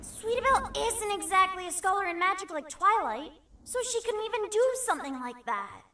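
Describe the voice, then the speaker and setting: A man voicing Scootaloo, a blunt tomboyish young filly pony, in a squeaky falsetto for a fan story reading. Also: animated, normal speed, bright, forceful tone, heavily acted. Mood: questioning. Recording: distant echoey noisy home recording.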